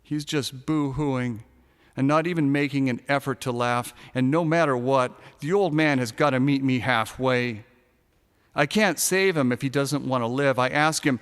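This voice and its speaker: A man narrating a first-person short story in a sardonic, darkly comic way, now and then shouting a punchline. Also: medium pitch, moderate pace, clear, resonant tone, in a large hall.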